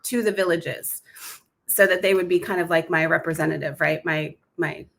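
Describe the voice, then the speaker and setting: A woman guest on a podcast, telling a personal testimony in a lively, quick way and acting out the voices in her story. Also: fairly low pitch, gravelly. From Alaska.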